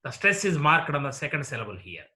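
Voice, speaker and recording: A male college lecturer with an Indian English accent, teaching word stress slowly and deliberately, repeating each example word as a drill. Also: on the high side, sing-song, pushed and bright.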